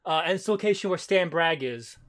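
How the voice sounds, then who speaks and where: A man's voice: on the high side, a little fast. A man on a podcast, animatedly retelling a comic and acting out the characters' lines. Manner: animated, acts out quotes, swears. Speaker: podcast co-host. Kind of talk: casual chat, retelling a comic.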